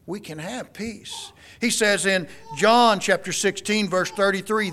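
A man's voice: high-pitched, unhurried, pushed and bright. A middle-aged man preaching a sermon, quoting scripture in an emphatic, folksy way. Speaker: pastor.

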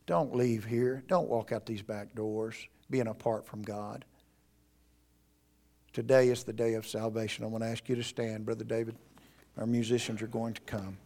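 A middle-aged male pastor preaching a sermon in a church, earnest and pleading, rising to emphatic peaks and dropping to quiet appeals. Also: fairly low pitch, steady tone, normal speed. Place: church sanctuary.

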